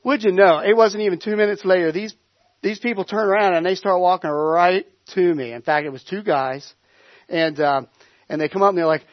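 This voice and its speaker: High-voiced pastor, rambling story. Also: male voice, a little fast, no echo, highs cut off. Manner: conversational storytelling with frequent restarts. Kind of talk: sermon.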